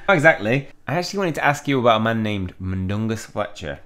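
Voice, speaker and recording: Jokey guy doing a lets play, lowish voice, reads the game text and riffs on it. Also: expressive, a bit bright, soft background music. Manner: playful, jokey, quick to laugh at himself. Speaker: gaming YouTuber. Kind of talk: casual let's-play commentary, reading game text aloud.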